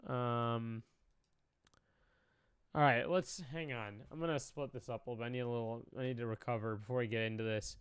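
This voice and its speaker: This commentary streamer is a young man reacting casually and emotionally, often sighing, cursing, and letting his sentences fade out. He has a mid-range, clear, resonant voice with fairly even intonation, speaks fairly quickly, and there's no echo.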